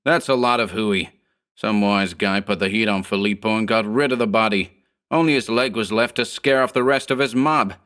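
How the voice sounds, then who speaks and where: A man's voice: on the low side, normal speed, fairly bright tone, clear, resonant tone, close to an everyday voice. A man doing a sneering 1930s gang boss. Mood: scornful. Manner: 1930s gangster slang, snarling. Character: short slick male gang boss, scornful.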